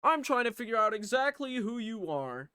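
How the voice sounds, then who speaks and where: A fed-up career counselor , as a man puts him on, shouts in a strained high voice, loud and incredulous, swearing in disbelief. The voice is smooth and clear. It sits dry and close, with no room around it. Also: big pitch swings, moderate pace, no room sound, heavily acted. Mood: exasperated.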